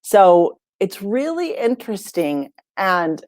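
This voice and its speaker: A woman, a life coach and podcast guest, tells stories in a relaxed, conversational way and acts out the lines of the people in them. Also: mid-range voice, slow, dry recording, clean studio sound. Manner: lively storyteller who acts out dialogue. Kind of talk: casual podcast storytelling.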